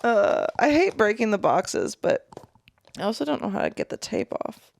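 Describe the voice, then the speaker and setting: Giggly 30s woman podcasting alone, pitch jumps all over, bit of gravel in her voice, dry close sound. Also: moderate pace. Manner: giggly, animated, talks to herself. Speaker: podcast host. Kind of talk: solo podcast chat, unboxing products. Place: small room alone.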